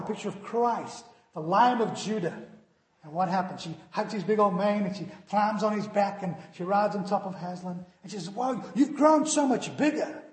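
A male pastor delivers a sermon in a high, ringing voice. He swings between forceful emphasis and hushed, dramatic drops. The sound carries a long, roomy echo from the hall. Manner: preaching with rising emphasis and quiet dramatic drops. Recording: echoey hall.

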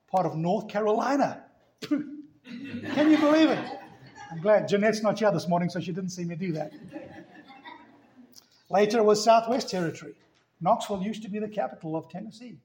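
South African pastor preaching, echoey church. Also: male voice, high-pitched, fairly quick, darkish tone, a little hiss or hum. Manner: storytelling, asks rhetorical questions. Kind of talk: sermon. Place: church sanctuary. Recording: roomy church echo.

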